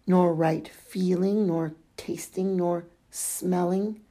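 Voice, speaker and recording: Woman reading old devotional letters aloud: fervent, drawn-out, gravelly and dark, low-pitched. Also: expressive. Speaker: reader.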